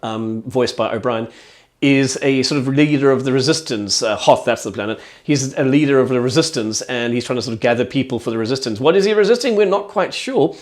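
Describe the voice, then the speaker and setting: A man's voice: mid-range voice, a little fast, a little mellow. A man giving an enthusiastic, rambling casual review of a TV show.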